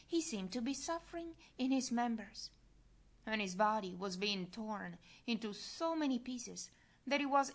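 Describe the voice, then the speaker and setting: A woman giving a slow, solemn, earnest devotional reading. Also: a little high. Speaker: reader.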